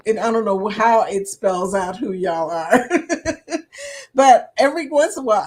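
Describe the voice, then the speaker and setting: Woman, livestream host, slightly high voice, chatty and laughing, reads comments aloud. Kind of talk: casual livestream chat reading comments.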